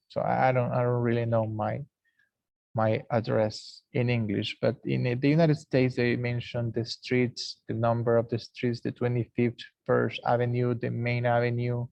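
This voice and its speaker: Slow male English teacher. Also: mid-range voice, creaky, a little mellow, no room sound, dull audio. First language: Spanish. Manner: explains slowly, repeats example words aloud. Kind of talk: classroom lesson recording.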